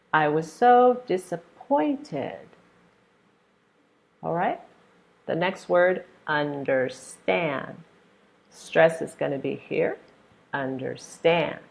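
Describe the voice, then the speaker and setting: A young American woman teaches pronunciation online. Her voice sits low and carries a gravelly fry. She stretches out the stressed syllables in her examples, and now and then she acts out short scenes to show her point. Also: darkish tone. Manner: slow, exaggerated modelling of stressed syllables.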